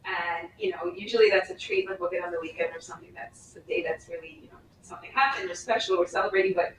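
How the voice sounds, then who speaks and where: A woman's voice: medium pitch, lively intonation, fast talker, creaky. A middle-aged woman from Colombia, a company founder, telling earnest stories about her son in a casual interview. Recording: roomy, distant mic with faint background noise.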